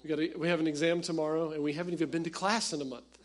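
A pastor preaching a conversational, animated sermon that speaks straight to his congregation. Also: on the high side, very fast.

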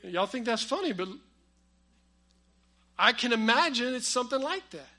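High-voiced bright preacher. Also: male voice, big pitch swings, normal speed. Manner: storytelling with humor, swings between loud emphasis and quiet asides. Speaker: pastor. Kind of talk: sermon.

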